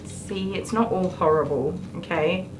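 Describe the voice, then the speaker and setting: A woman's voice: fairly low pitch, unhurried, noisy background. An Australian woman working as a dog groomer on a live stream. She jokes with viewers and soothes the dog with baby talk.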